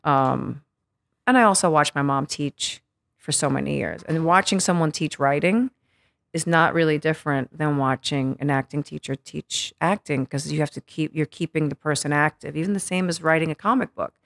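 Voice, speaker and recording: Animated, cursing New woman telling stories. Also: low voice, normal speed, creaky. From Queens, New York. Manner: animated, profane, acts out quotes. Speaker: podcast guest. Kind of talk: casual storytelling interview.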